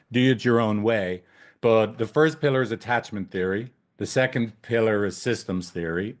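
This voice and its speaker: A man in his thirties, a couples therapist, giving a casual training talk, animated, swearing freely and tagging lines with "right?". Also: lowish voice.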